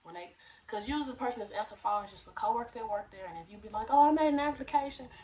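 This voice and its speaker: A woman's voice: mid-range voice, very fast, distant mic. A young woman giving casual, slangy job-search advice in a chatty way, acting out phone calls as she goes.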